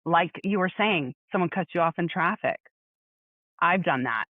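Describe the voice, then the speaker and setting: Middle-aged woman, podcast co-host, lively storyteller, thin phone-like sound, dry. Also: fairly low pitch, moderate pace, no room sound. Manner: animated storyteller, acts out quotes. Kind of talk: casual chat.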